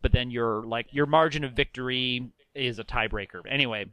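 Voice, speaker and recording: Bright-voiced chatty American man. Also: mid-range voice, a little fast, dry recording. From Midwestern US. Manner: chatty, mimics people in quoted voices. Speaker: podcast co-host living in Ireland. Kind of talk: casual podcast chat.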